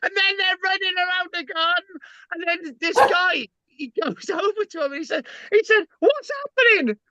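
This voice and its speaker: A man's voice: very high voice, normal speed, sharp tone, dry recording. A man telling stories in casual chat, rambling and stammering, tagging lines with "right?". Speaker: channel host. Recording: dull lo-fi sound.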